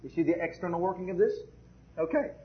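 A man preaching a sermon with fervent delivery, dropping to a hush and rising to loud proclamation. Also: high voice, fast. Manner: fervent, swings from hushed to loud. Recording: echoey, dull lo-fi church recording.

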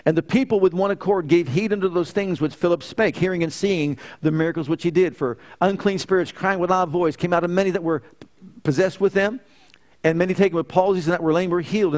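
A man preaching a sermon, asking rhetorical questions and swinging between loud emphasis and soft, low passages.

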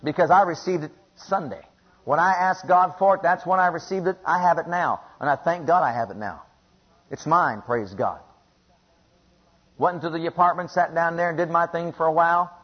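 Male preacher with a slightly high, husky voice, muffled lo-fi audio, keeps repeating and asking the room. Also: moderate pace. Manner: emphatic and repetitive, asks the congregation questions. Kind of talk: sermon. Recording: dull lo-fi recording.

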